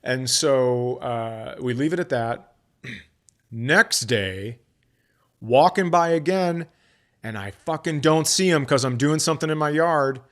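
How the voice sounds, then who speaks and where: A middle-aged male comedian hosts a podcast, telling a story through profane, casual chat and acting out both sides of the conversation. His mid-range voice is slow and a bit bright.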